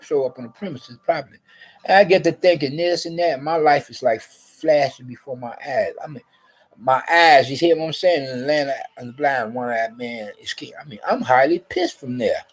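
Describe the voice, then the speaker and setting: A man telling a story to camera in a rambling, profane, agitated rant, repeating himself and jumping up in pitch when he quotes his own comebacks. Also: expressive, normal speed. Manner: profane, repetitive, agitated; rises sharply when quoting himself. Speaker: vlogger.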